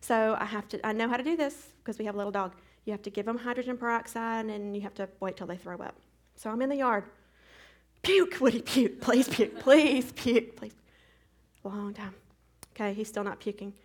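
A middle-aged woman teaching a Bible study, retelling a hectic day as an animated testimony with sound effects. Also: mid-range voice, quick pace, hardly any pauses.

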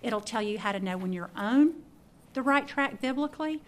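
A middle-aged woman speaks in a somewhat high voice, telling a personal story in an informal sermon. She acts out her own thoughts with lively swings of voice. Faint room noise sits under the talk. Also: moderate pace. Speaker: speaker teaching a prayer practice.

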